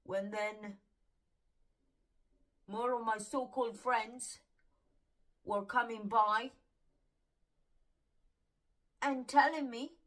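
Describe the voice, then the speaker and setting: A woman slowly telling an emotional personal story, her voice tearful as she holds back crying. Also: a little high, steady tone, a bit bright, recorded from a distance, rough recording. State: close to tears. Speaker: tarot reader.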